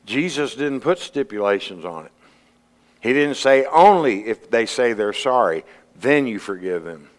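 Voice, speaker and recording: A man preaching a sermon, earnest, climbing to emphatic peaks and then dropping low. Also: animated, unhurried. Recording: long hall reverb.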